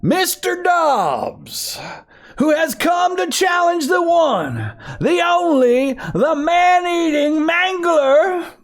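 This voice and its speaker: A man voicing a showy saloon fight announcer who booms and drags out his words. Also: lively intonation, heavily acted. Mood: booming. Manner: booming, drawn-out announcer shouting. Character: showy male ring announcer host with a cane.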